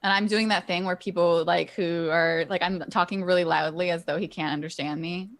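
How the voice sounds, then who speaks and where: A woman's voice: fairly low pitch, fairly even intonation, a little fast. Playful woman at a tabletop game. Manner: playful, laughing, teasing. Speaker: player. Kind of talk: playing a tabletop game in character.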